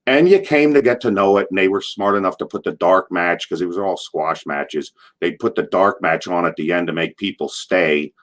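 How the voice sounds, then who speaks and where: Lively storytelling man, lowish voice. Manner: animated, acts out quotes in a loud, drawn-out voice; rambling, with restarts and asides. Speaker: former wrestler being interviewed. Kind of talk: casual anecdotal storytelling.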